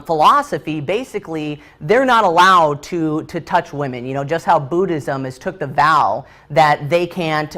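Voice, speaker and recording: A man's voice: a little high, a bit bright. A man leading a training session, telling a story freestyle while drawing, loose and chatty with many fillers and restarts.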